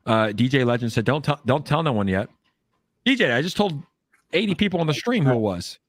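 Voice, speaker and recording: A man hosting a livestream from his home, chatting excitedly and repeating himself to rally the viewers. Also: medium pitch, brisk, no room sound. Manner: hyped, repetitive, shouts out chat. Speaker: livestream host. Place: home in Orange County.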